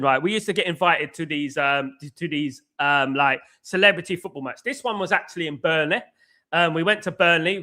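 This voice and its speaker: High, bright-voiced rambling male streamer. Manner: rambling, repeats "guys, absolutely". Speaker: livestream host. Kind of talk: live football watchalong chat. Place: indoors at home.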